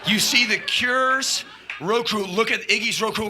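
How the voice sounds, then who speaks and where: A man telling a wild rock-and-roll story on a live stage, profane and animated, bursting into shouted sound effects. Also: high-pitched, measured pace. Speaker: spoken-word performer. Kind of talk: live spoken-word storytelling. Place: live stage before an audience.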